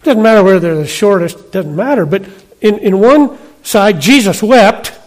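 High-voiced preacher, chatty with his flock. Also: expressive, a little mellow. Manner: conversational, asks the congregation quick questions. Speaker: pastor. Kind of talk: sermon.

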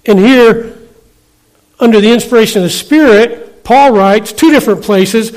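A middle-aged man preaching a sermon in a conversational way, often checking in with the congregation with quick questions. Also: high-pitched, animated, darkish tone. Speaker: pastor.

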